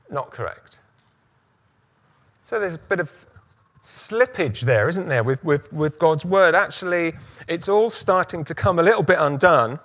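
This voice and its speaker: A man's voice: on the high side, animated, normal speed, fairly bright tone. A man preaching a sermon, using emphatic repetition and rhetorical questions.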